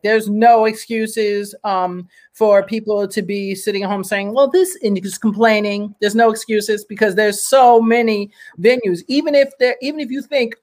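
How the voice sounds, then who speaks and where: A host in casual conversation, upbeat and encouraging, who breaks into motivational asides. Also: mid-range voice.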